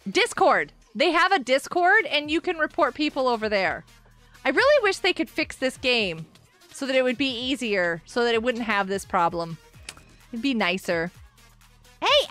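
A woman streaming a game live, giggling often and reacting excitedly while greeting her viewers. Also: high voice. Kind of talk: live-stream gameplay commentary.

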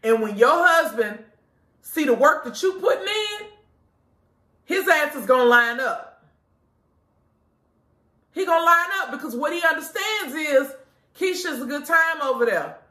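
A woman who owns a lingerie store, doing a casual live product pitch to her customers, blunt, profane and preachy. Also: expressive, measured pace, pauses often, bright, forceful tone, roomy sound. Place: inside her shop.

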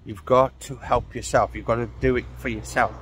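A man's voice: medium pitch, steady tone, normal speed, a bit bright, a little hiss or hum. A man rambling and ranting sarcastically while he walks outdoors, swearing and sighing as he talks. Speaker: vlogger. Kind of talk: casual ranting walking vlog. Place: outdoors on a walk.

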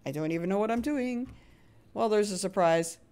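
A woman streams her gameplay live, with a voice of ordinary pitch for a woman. She chats nonstop, swinging between hushed nervous asides and loud, cheery shout-outs to viewers. Quick laughs and hummed sound effects run through her talk. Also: smooth. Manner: chatty and expressive, hums little sound effects while playing. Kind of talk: live gameplay commentary with chat greetings.

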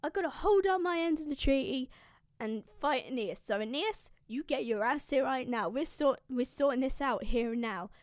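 A woman's voice: animated, moderate pace, no room sound, studio quality. Woman doing a frantic, whiny young warrior. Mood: shouting. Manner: high-pitched, exasperated, loud.

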